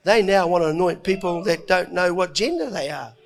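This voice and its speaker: A middle-aged man preaching a sermon, telling the story with lively acted-out voices and frequent chuckles. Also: sits high, fairly quick, vocal fry. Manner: animated storytelling, acting out voices, chuckling often.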